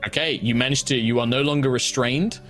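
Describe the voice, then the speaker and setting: A man's voice: medium pitch, brisk, faint music behind. A man running a tabletop game as game master, narrating and explaining rules with plenty of fillers. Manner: relaxed, descriptive, with frequent fillers.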